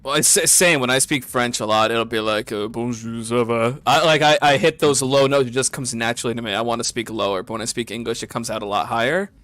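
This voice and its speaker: A man's voice: mid-range voice, steady tone, quick pace, few pauses, a bit bright, no echo. A young man hosting a casual podcast, jokey and laughing often. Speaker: podcast host.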